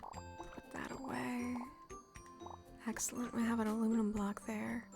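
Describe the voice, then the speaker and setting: Excitable streamer woman, slightly high. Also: measured pace, creaky. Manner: chatty and excitable, often drops to a whisper. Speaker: game streamer. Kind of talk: casual live-stream commentary. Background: game music.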